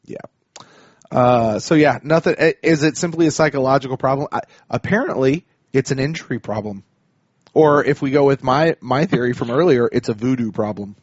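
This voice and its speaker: A man's voice: medium pitch, moderate pace, no echo. A man co-hosting a sports podcast, reading listener emails in a laid-back, chuckling way. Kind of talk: casual sports chat. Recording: dry, slightly dull podcast audio.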